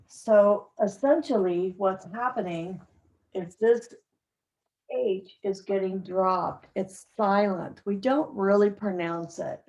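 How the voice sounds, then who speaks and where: A woman leads a classroom pronunciation lesson at an unhurried pace. She models short sentences slowly and deliberately so her learners can hear each sound, and her pitch sits in an ordinary middle range. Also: warm tone, lo-fi sound. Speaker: English teacher.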